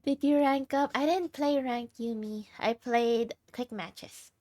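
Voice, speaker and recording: A woman's voice: fairly high pitch, slow, hardly any pauses, a little mellow, no echo. A tired young woman livestreamer chatting casually with her viewers and laughing often. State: tired, sleep deprived.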